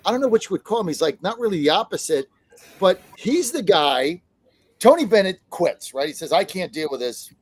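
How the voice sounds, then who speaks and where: High-voiced man, animated and playful. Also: a little fast, slightly rough, no room sound. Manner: animated, playful, acts out quotes. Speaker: sports betting podcast panelist. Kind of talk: casual sports analysis chat.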